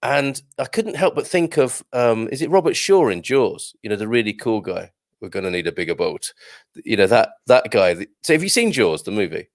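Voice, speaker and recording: A man's voice: medium pitch, sing-song, moderate pace, few pauses, no room sound, studio quality. A man hosting a live morning show, chatting jovially and reading out viewer comments. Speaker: show host.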